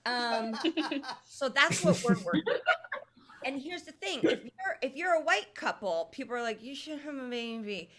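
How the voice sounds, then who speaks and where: Woman comic from Indiana, thirties, bright voice pitched a bit high, deadpan stand-up delivery. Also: normal speed. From Indiana, USA. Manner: deadpan, conversational, with filler ums. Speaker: stand-up comedian. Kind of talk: stand-up comedy set. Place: comedy venue with live audience.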